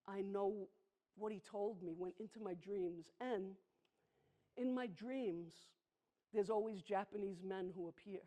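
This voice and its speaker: A woman, performing a personal storytelling monologue on a theatre stage, intimate and emphatic, slowing down on heavy moments. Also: medium pitch, mellow. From the Bronx, New York. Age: 60s. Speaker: solo performer.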